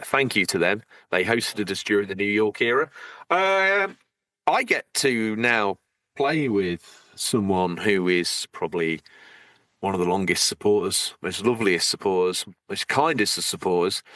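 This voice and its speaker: A man's voice: lowish voice, pushed and bright, no echo, clean studio sound. A man co-hosting a podcast, teasing and rambling playfully as he reads out supporter thanks. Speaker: podcast co-host. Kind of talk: casual banter, reading out supporter thanks.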